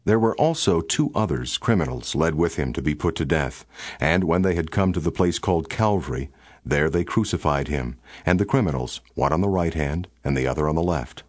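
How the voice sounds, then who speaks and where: A man with a very deep, low voice reads scripture aloud in a steady, formal cadence. The sound is dry and close, with no room around it. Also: a little fast, no echo. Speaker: scripture narrator. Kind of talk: scripted Bible reading.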